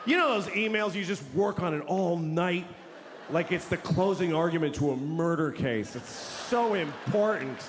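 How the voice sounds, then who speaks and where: A man's voice: a little high, normal speed, big-room sound, a little hiss or hum. A man doing stand-up comedy, ranting bluntly and crudely, and jumping into mocking voices for the people he quotes. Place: large hall with an audience.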